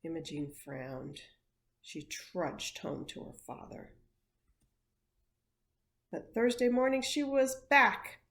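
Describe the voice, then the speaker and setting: A woman, an education coordinator, reading a picture book aloud with expressive storytelling. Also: fairly low pitch, takes it slowly, pauses often.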